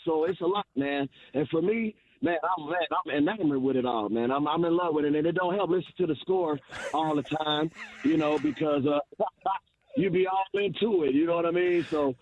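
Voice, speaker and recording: A man's voice: fairly high pitch, normal speed, a little mellow, slight background noise. A man calling in to sports radio, talking casually and saying "man" a lot. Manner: casual, repeats "man" and "bro". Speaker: caller. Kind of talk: phoning in to talk radio. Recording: phone line.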